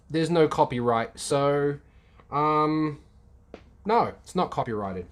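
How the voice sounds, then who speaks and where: Man, live-stream host, unhurried, halting speech, casual question-and-answer chat. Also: on the high side, lively intonation. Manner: slow, hesitant, many ums.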